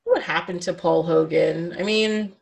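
A woman with a lowish voice in a relaxed movie conversation. She talks freely and laughs easily. Her voice often fades into soft, muttered asides. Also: measured pace, gravelly. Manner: chatty, laughs often, trails off into quiet asides. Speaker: podcast co-host. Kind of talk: casual chat about movies.

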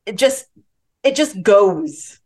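A woman hosting a casual film podcast, talking in an animated way and acting out scenes in quoted voices. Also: mid-range voice, slow. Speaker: podcast host.

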